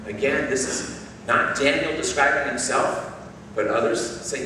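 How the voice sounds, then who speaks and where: A male pastor preaching a sermon, telling stories in an animated, self-mocking way. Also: a little high, moderate pace, background noise. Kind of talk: sermon with humorous storytelling. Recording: echoey hall, mic far off.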